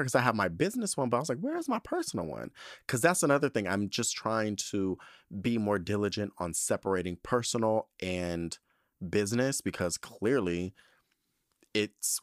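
A young man hosting a podcast, telling stories in a casual, profane, animated way, with a tight, allergy-clogged throat. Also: fairly low pitch, dry recording, studio quality. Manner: animated, profane, dramatic voice swings into quoted lines. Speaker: podcast host. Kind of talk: casual storytelling monologue.

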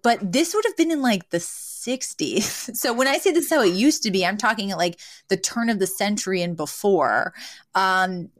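A woman's voice: mid-range voice, lively intonation, moderate pace, dry recording. Woman cohosting a podcast, casual chatty recap, laughs a lot, dry close mic. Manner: chatty, laughs easily, thinks aloud with restarts. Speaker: podcast co-host. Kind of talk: casual chat recapping a sitcom episode.

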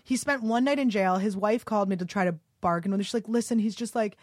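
A woman's voice: mid-range voice, fast talker, a little mellow, no echo, studio quality. A young woman, a comedian guest in a casual podcast chat, telling a heated story with lots of swearing and "like". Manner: heated, profane storytelling full of "like".

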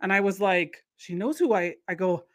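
A woman casually telling a long anecdote in conversation. She rambles with restarts and acts out the people in her story with big jumps in pitch. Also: moderate pace. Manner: rambling, many restarts and fillers.

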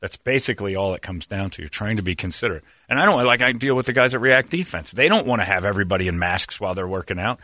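Man, podcast host, bright forceful voice, dry sound, rambling stories. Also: fairly low pitch, expressive, fast, hardly any pauses, dry recording. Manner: rambling, laughs often. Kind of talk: casual comedic storytelling.

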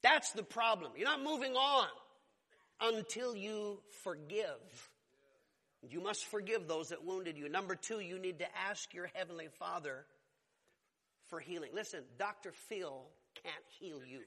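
A man preaching a sermon as a pastor, emphatic and rising to loud exclamations. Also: sits high, expressive, measured pace. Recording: long hall reverb.

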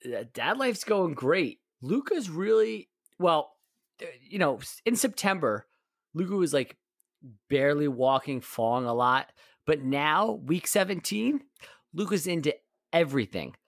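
A man's voice: a little high, a little slow, no room sound. Male co-host, dry close sound, casual and meandering. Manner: rambling, restarts often, relaxed. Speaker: podcast co-host. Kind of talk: casual sports podcast chat.

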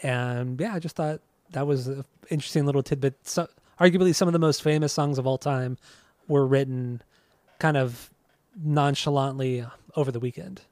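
A man co-hosting a casual podcast chat, relaxed and rambling, often restarting his sentences. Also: medium pitch, moderate pace, dry recording. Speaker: podcast co-host.

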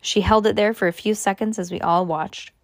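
A woman's voice: medium pitch, steady tone, a little fast, no room sound, clean studio sound. A woman reading a novel aloud, now and then stopping to explain in her own words. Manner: plain reading with spoken asides. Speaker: reader.

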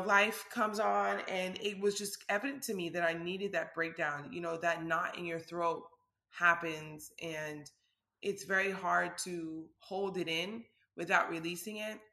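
A woman's voice: lowish voice, gravelly, bright, forceful tone, reverberant. A woman vlogger speaking candidly and conversationally about a personal experience, with frequent filler words.

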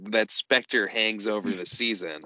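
Deadpan man with a bright voice. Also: on the low side, normal speed, dry recording, rough recording. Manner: dry, deadpan humor. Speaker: podcast co-host. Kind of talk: casual recap chat. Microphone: podcast microphone.

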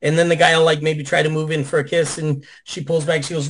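A man with a slightly raised voice tells stories to a video call audience. He is animated and profane, and he jumps into other people's lines to act them out. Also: fairly high pitch, fairly quick, a little hiss or hum, low-quality recording. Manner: animated, profane, acts out quotes. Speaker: guest. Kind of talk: casual storytelling on a video call.

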